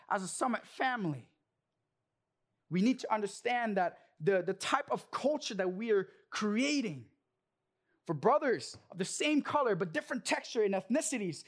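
Young korean american guy preaching, earnest but jokey, telling stories from his life. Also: high-pitched. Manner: earnest, casual storytelling with jokes. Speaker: church speaker. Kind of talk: sermon with personal story.

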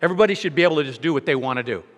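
A man's voice: a little high, lively intonation, very fast, in a large hall, pitched below the performer's own voice, lightly acted. A man acting out an indignant stranger. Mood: insistent. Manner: indignant, then defensive and rattled. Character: irritated man who is against judging others.

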